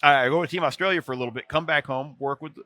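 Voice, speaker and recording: A man, a podcast guest, telling stories in a casual chat, animated and quick to restart his sentences. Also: on the high side, no room sound. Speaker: podcast guest, former NBA video coordinator. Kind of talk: casual storytelling.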